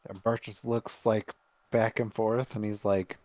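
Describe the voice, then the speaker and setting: A man's voice: on the low side, flat delivery, measured pace, a little mellow, no echo, highs cut off. Dry-voiced man playing a tabletop game. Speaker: player.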